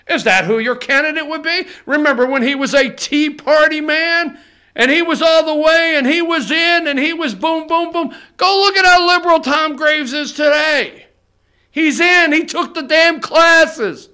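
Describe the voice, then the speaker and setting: Fired-up man ranting, bright high voice. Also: normal speed. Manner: heated, swearing, repetitive, addresses viewers directly. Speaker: political talk show host. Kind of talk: fired-up political rant to camera. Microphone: studio camera.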